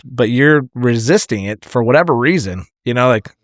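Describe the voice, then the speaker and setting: A man's voice: medium pitch, moderate pace, dry recording. Firefighter guy on a podcast, swears a lot, gets emotional, super dry sound. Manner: candid, swears freely, emotional storytelling. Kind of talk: casual podcast chat.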